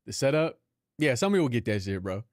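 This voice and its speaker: A man's voice: medium pitch, very animated, fast, no room sound, clean studio sound. A young Filipino man, a live streamer, chatting casually and profanely with his viewers, laughing often. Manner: loose, profane, laughing banter with chat.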